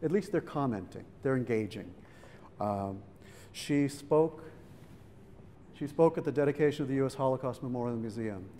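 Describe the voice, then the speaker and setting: A man's voice: mid-range voice, moderate pace, long pauses, mellow. A middle-aged man speaking at a public event, telling a family story in a conversational way and acting out the voices of people he quotes. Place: museum event hall. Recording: hall reverb, faint background noise.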